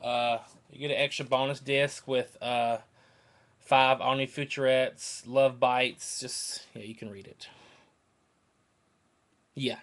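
Speaking slowly, with long pauses, at a medium pitch and a level, slightly bright tone, a Southern-accented North Carolina man in his twenties vlogs to camera. The talk is casual and rambling, earnest, emotional and repetitive.

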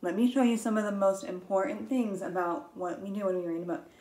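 A woman reading a picture book aloud to young children as their teacher, gentle and patient, counting along and gasping with wonder. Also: medium pitch, fairly even intonation, brisk, rough recording. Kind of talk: slow read-aloud lesson for young children.

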